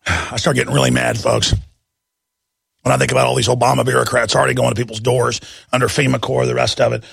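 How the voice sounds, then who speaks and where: A man's voice: medium pitch, little pitch movement, quick pace, creaky, fairly bright tone, slightly rough, no echo. A man hosting a talk show, ranting furiously and hurling insults. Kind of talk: angry talk show rant.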